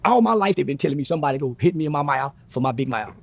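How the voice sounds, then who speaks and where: With a gravelly voice on the high side, a man speaks very fast as a guest. He's recounting a story loosely and with plenty of swearing, animatedly performing the voices of the people he quotes.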